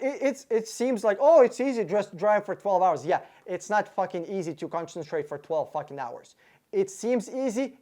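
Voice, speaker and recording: A man's voice: high voice, a little mellow. Brief: angry male vlogger, sarcastic, foul-mouthed, tripping over words as he tallies costs. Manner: angry, profane, sarcastic, thinks aloud through sums; stumbles and restarts words often. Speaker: car buying advisor and channel host. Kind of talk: casual rant to camera.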